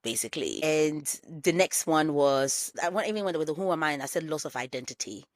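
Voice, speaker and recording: A woman's voice: sits low, a little fast, no echo. A woman in her thirties hosting a solo podcast, reflecting candidly and repeating phrases for emphasis. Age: 30s. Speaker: podcast host.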